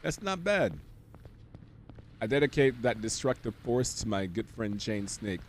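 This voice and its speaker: A man streaming a video game, giving casual commentary with wry, sarcastic asides and sudden excited outbursts. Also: mid-range voice, unhurried, a little hiss or hum.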